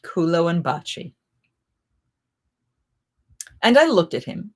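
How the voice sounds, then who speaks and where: Middle-aged festival performer lady chatting away, animated storyteller, gets loud in bursts. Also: fairly low pitch, moderate pace. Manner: animated, with sudden jumps in loudness. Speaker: renaissance festival performer hosting a live chat. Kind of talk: casual anecdotal storytelling.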